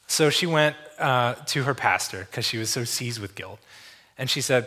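A man's voice: mid-range voice, fast, bright, forceful tone. A man preaching a sermon in a church, casual and conversational, with many fillers and restarts. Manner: tells a story, acting out the voices of the people in it. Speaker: visiting preacher.

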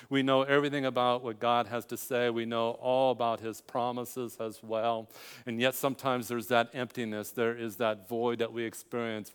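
A man's voice: mid-range voice, smooth, long reverb tail. An older man preaching a sermon, telling a personal story with quoted dialogue and building to emphatic climaxes.

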